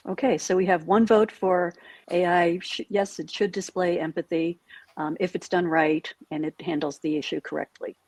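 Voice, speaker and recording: A woman moderating a panel discussion, briskly summing up and handing the floor to the next panelist. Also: lowish voice, fairly even intonation, darkish tone, no echo.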